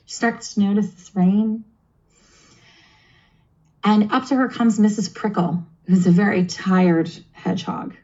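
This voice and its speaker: A woman's voice: mid-range voice, warm tone, muffled recording. A woman on a video call, explaining and running a kids' tabletop game demo in an encouraging, teacherly, chatty way. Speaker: game master and presenter.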